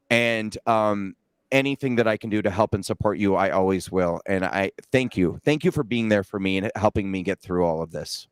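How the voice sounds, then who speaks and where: A man hosting an interview, talking earnestly with many halting restarts. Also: fairly low pitch, smooth, no echo. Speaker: interviewer and host. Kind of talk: emotional interview talk.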